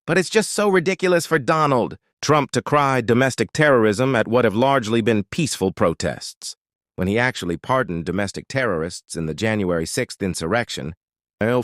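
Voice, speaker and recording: A man's voice: mid-range voice, a bit bright, no echo, studio quality. A man hosting a political commentary channel, talking scornfully and sarcastically between clips.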